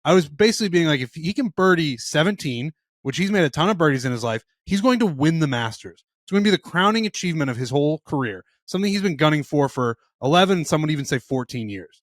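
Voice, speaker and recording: Fast-talking man on a golf podcast. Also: on the high side, lively intonation, no echo, clean studio sound. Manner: rapid, emphatic storytelling. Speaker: podcast co-host. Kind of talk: casual sports chat.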